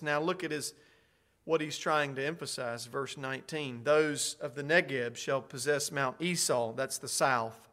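A middle-aged man preaching a sermon, reading scripture and explaining it, slow and emphatic, swelling into loud declarations. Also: a little high.

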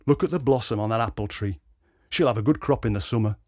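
A man voicing a blunt, brisk carpet fitter who mocks his partner, in a read-aloud story. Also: lowish voice, warm tone, no room sound, clean studio sound, natural voice.

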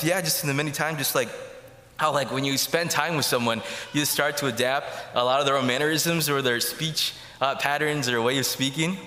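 Bright-voiced preacher in an echoey church. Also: male voice, medium pitch, slight background noise. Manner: rambling, many fillers and restarts. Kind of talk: casual homily.

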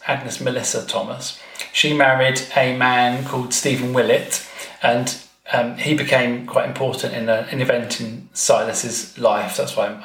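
A man's voice: medium pitch, a bit bright. A man guesting on a podcast, telling a family-history story in a chatty way, with frequent ums and wry asides. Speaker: guest author. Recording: roomy echo.

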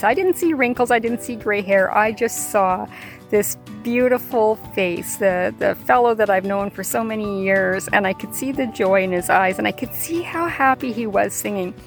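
An older woman, a grandmother, hosting a podcast and telling a heartfelt personal story in a conversational way. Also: mid-range voice. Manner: heartfelt, conversational with fillers and repeats. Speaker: podcast host. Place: outdoors or near open air, plane overhead.

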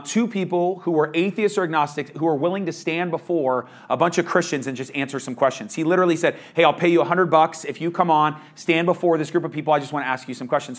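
A man preaching a verse-by-verse sermon as pastor, in a casual, conversational manner. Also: on the high side.

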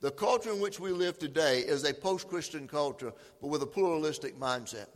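A man's voice: a little high, expressive, brisk, big-room sound. A man preaching a sermon as pastor, reading scripture aloud with emphasis.

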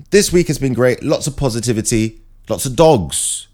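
Man, casual comic vlogger, mid-pitched, very lively intonation. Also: normal speed. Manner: chatty, self-mocking, animated storytelling.

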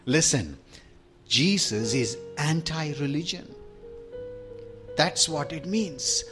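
A man's voice: a little high, takes it slowly, long pauses, a bit bright, soft background music. A man preaching a sermon in an emphatic, rhythmic storytelling manner.

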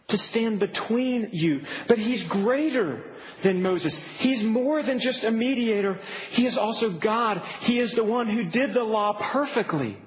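A man preaching a sermon as pastor, earnest and building to emphatic peaks. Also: very high-pitched. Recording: reverberant hall with faint noise.

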